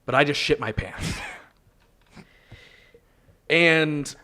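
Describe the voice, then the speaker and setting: A man's voice: on the high side, extremely slow, bright, forceful tone, exaggerated voice. A man improvising a bitter man who claims he invented famous cartoon characters, telling his story in a rambling, indignant, crude way. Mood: confiding. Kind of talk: improv comedy role-play.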